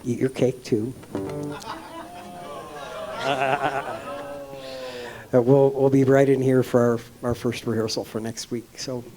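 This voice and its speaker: A man leading a church service, giving announcements in a halting, warm-hearted way with many ums and uhs. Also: mid-range voice, level tone, music in the background. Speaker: service leader.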